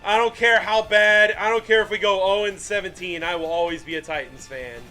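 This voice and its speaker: A young man streaming live fan commentary on a football game, self-mocking and excitable, ranting at his team and greeting chat. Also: high voice, a little fast, few pauses, faint music behind.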